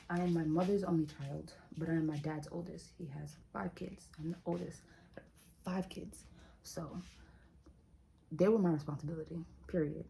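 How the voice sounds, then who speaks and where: A young woman vlogger telling a story in a casual, animated, chatty way, speaking straight to her viewers. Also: sits low, vocal fry, low-quality recording.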